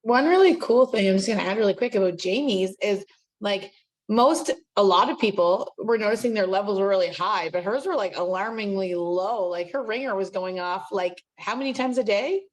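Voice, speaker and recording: A woman co-hosting a group call who excitedly chimes in with extra comments. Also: medium pitch, moderate pace.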